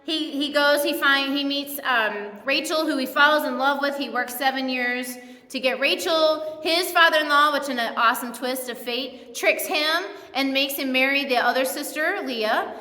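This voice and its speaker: A woman's voice: sits high, normal speed, bright, forceful tone. A woman pastor giving a sermon in a church, retelling the story in a casual, humorous way. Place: church sanctuary. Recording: echoey church hall.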